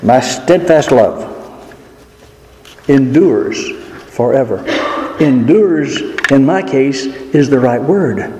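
A man preaching a sermon in an earnest, emphatic way, leaning slowly on key words. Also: mid-range voice, animated, darkish tone. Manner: earnest, emphatic, with slow drawn-out stresses. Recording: echoey hall with faint noise.

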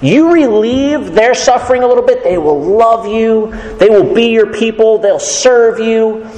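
A man's voice: high voice, a little slow, darkish tone, pitched above the performer's own voice. A man voicing a group of earnest old royal counselors, urging a young king in a coaxing way. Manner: urgent, coaxing. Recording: echoey hall reverb.

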